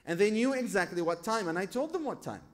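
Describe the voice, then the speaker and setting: A man's voice: sits high, lively intonation, quick pace. A man giving a sermon as a sheikh. He tells stories from his own life, asks rhetorical questions and quotes scripture. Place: lecture hall at a religious gathering.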